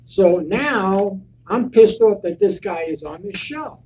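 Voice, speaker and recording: An older man telling stories on a live convention panel in a blunt, profane, animated way. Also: high-pitched, slow pace, low-quality recording. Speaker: panel guest.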